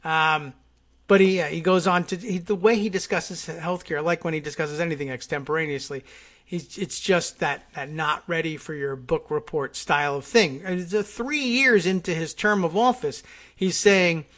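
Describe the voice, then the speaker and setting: A man's voice: a little high, a bit bright. Sardonic male political talk host. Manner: sardonic, halting with restarts. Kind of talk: casual political commentary monologue.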